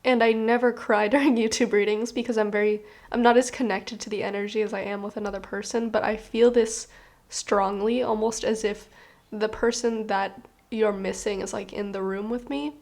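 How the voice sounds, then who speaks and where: A woman's voice: mid-range voice, flat delivery, moderate pace, vocal fry, a little mellow. A woman reading tarot cards to camera in a casual, earnest, rambling way, with many "like" fillers. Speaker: tarot reader.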